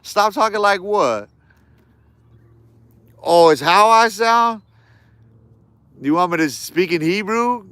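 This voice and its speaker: A man's voice: high voice, lively intonation, takes it slowly, long pauses, fairly bright tone, clear, resonant tone, dry recording. A man ranting on a live stream in casual street slang, heated and repeating himself.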